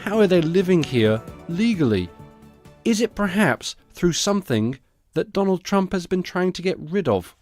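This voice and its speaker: A man hosting a solo podcast, commenting on the news in a sarcastic, profane, conversational way. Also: high voice. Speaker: podcast host.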